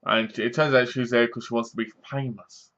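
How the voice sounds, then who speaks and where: A man talks through a horror film in a loose, rambling way, circling back on himself with restarts and asides. His voice sits at a middling pitch. The recording is dull and lo-fi, like a cheap home setup. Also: fairly even intonation, moderate pace, a bit bright. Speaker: film reviewer. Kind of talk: casual spoken film review.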